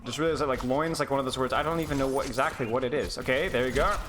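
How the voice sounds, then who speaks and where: A man's voice: medium pitch, racing, fairly bright tone, slight background noise. A young man coaching as he reviews a game, sarcastic and mocking, breaking into laughter. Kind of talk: live gameplay review coaching.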